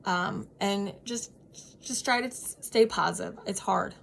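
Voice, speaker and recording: Woman in her thirties, mid-pitched, earnest and sincere; casual vlog advice to camera. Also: a little slow, gravelly, fairly bright tone, a little hiss or hum. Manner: earnest, heartfelt, many ums and restarts. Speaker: vlogger sharing personal experience.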